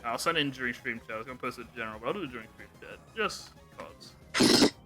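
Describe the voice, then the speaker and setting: A man's voice: medium pitch, quick pace, loud music behind the voice. A young man hosting a casual podcast, animatedly retelling scenes with jokes and swearing. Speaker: podcast host.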